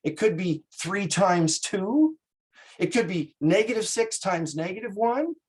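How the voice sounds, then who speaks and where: A math instructor talks through a classroom lecture at an unhurried pace. The voice is a little husky and breathy, and the delivery is folksy, with frequent check-ins with the class and small jokes. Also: mid-range voice, expressive, darkish tone, poor audio.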